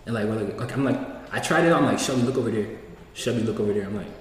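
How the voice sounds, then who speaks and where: A man's voice: lowish voice, racing. Slangy young man telling a long story. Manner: slangy, rambling, acts out quoted lines. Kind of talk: casual storytelling. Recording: echoey room, distant mic, faint hiss.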